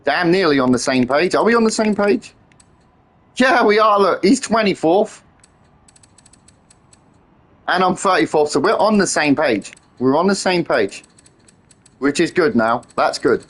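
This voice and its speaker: A man streaming a racing game live, talking excitedly with friends and swearing freely as he teases them. His voice sits high and swings widely in pitch. It has a rough, husky edge. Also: measured pace, pauses often. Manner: excitable, swears often, teasing banter with friends. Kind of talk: live-stream gameplay chat.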